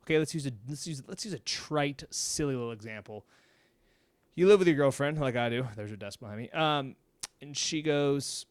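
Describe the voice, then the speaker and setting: A man speaks straight to camera from a room at home, with a smooth, resonant, mid-pitched voice. He is blunt and chatty, keeps checking in with "okay?", and sometimes swears. The sound is dry and close. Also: moderate pace, dry recording. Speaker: mental health video host. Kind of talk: casual talk to camera.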